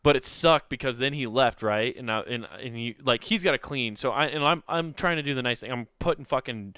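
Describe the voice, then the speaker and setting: Podcast co-host from Iowa, a man with a bright, clear voice, for chatty anecdotes with laughs. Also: mid-range voice, fairly quick, no echo, clean studio sound. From Iowa, USA. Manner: animated, laughing, acts out quoted voices. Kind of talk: casual storytelling chat.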